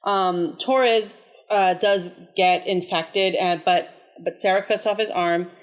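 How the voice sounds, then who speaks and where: Woman, podcast co-host, casual chat, rambling, frequent fillers, mid pitch. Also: steady tone, slow pace. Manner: rambling with many fillers and restarts. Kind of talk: casual chat recapping a movie.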